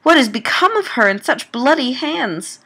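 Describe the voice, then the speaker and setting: A woman's voice: sits high, very animated, moderate pace, pushed and bright, breathy edge, pitched above the performer's own voice, heavily acted. Woman reading as a frightened Gothic heroine. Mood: distressed. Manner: breathless, anguished exclamations.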